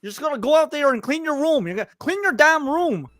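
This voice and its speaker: A man's voice: very high voice, animated, quick pace, fairly bright tone, dry recording, studio quality, pitched above the performer's own voice. A man doing an impression of a stern male lecturer, talking in an insistent, lecturing way. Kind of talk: casual chat.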